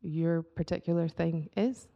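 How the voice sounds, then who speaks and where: Gravelly, mellow-voiced woman guest. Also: on the low side, unhurried, highs cut off. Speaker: guest, artist. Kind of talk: casual faith chat.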